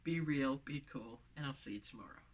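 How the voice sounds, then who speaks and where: A woman's voice: rumbling low, a little fast, breathy edge. A woman with a lisp, speaking to camera as a motivational vlogger, with emphatic, repeated phrases, recorded inside a van on the camera mic.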